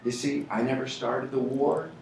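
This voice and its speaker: Animated man speaking in an echoey hall. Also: medium pitch, moderate pace, vocal fry, a little hiss or hum. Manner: animated, laughs often, builds to shouting. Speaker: motivational speaker at a company event. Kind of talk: rambling motivational speech. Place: event hall with an audience. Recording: echoey hall, mic from far off.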